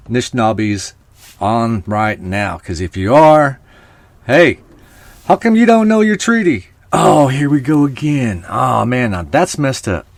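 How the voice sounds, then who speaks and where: A man hosting a live podcast stream, talking casually and rambling to his viewers. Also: mid-range voice. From Oklahoma. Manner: chatty, rambling, talks to viewers. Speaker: podcast host.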